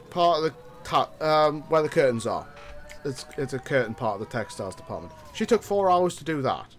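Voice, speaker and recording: A man's voice: fairly high pitch, very animated, fairly quick, soft background music. A man streaming a game, telling a story in a ranting, profane way. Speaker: gaming streamer. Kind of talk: casual gameplay chat.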